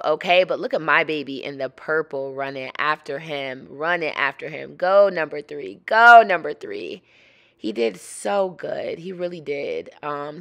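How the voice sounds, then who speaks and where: A woman's voice: deep voice, vocal fry, a bit bright. An American woman in her thirties, a mom chatting playfully to her viewers in a casual vlog at an outdoor youth football field. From United States. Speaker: vlogger and mom.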